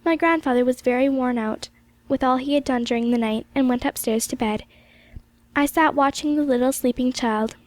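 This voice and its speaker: High-voiced woman reading a classic audiobook. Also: normal speed. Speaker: audiobook reader. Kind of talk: scripted narration of a classic novel.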